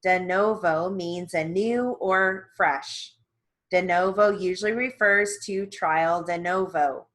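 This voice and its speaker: A woman with a fairly low voice reads dictation practice for court reporters. She speaks slowly, in a measured and deliberate way, and enunciates each term clearly. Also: steady tone, a bit bright. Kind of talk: steno dictation practice reading.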